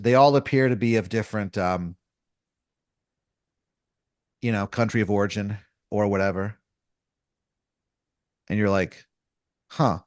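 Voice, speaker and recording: A man's voice: medium pitch, dry recording, clean studio sound. A man running an improvised comedy story as game master, rambling and casual with lots of fillers, restarts and crude slang.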